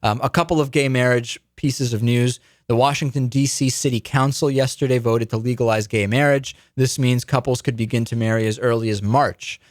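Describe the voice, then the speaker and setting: Man, talk radio host, mid-pitched voice, dry studio sound, casual stammering delivery. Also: fairly even intonation, fairly quick, hardly any pauses, no room sound. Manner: conversational, stammers and restarts, chatty asides. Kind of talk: political news talk show.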